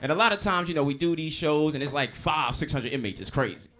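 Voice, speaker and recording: A man's voice: a little high, expressive, fast talker, fairly bright tone. A man doing a stand-up comedy set on stage, brash and profane, talking straight to the crowd with audience laughter behind him.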